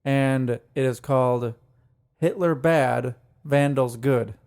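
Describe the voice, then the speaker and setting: A man co-hosting a casual podcast, easygoing and quick to agree in the banter. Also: medium pitch, a little mellow. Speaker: podcast co-host. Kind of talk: casual chat.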